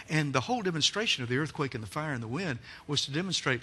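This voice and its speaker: A man preaching a sermon in a church, telling a story dramatically, acting out characters and swinging from loud to soft. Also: medium pitch, animated, fast, few pauses, breathy edge, faint music behind.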